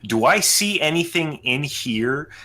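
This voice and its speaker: A man with a very bright, sharp voice, chatting as a player in a tabletop game. He is excitable and cusses freely, often jumping in with quick reactions. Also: fairly high pitch. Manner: excitable, swears casually.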